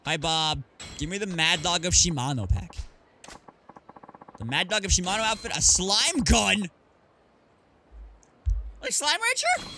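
A man streaming a game, chatting as he plays and reading out loot with offhand jokes. His voice sits fairly high and bright, with a lively, bouncing pitch. A faint noise hums under the recording. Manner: chatty, reads item names aloud, jokes at the game. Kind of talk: casual gameplay commentary.

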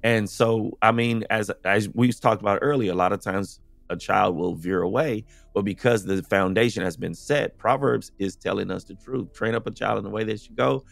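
A man's voice: on the low side, moderate pace, vocal fry, hardly any pauses, no echo, soft background music. A man from the United States, a podcast guest, speaking in a casual, earnest conversational way and often saying "you know".

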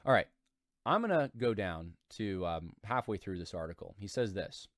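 A man's voice: deep voice, normal speed, dry recording, studio quality. A man hosting his own commentary show, reading aloud from an article and breaking in with emphatic, repetitive remarks. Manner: animated, emphatic, repeats himself. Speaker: commentary channel host.

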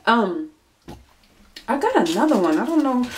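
A woman's voice: big pitch swings, unhurried, a little hiss or hum. Rambling self-mocking young woman vlogger. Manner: scattered, self-mocking, jumps between loud bursts and low mutters. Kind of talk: casual vlog chat.

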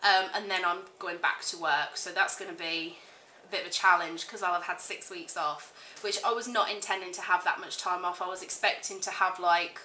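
Woman, casual vlogger, gushing and chatty with lots of fillers, bright voice, echoey room. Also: lowish voice, fairly even intonation, brisk, few pauses, slight background noise. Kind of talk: casual chat to camera.

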